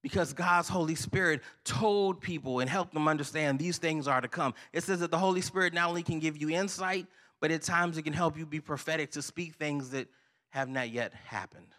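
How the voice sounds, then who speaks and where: A man's voice: a little high, fairly quick, a bit bright. A man preaching a sermon, asking the congregation to finish his sentences. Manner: preachy call-and-response, asks the congregation to finish lines. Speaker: pastor.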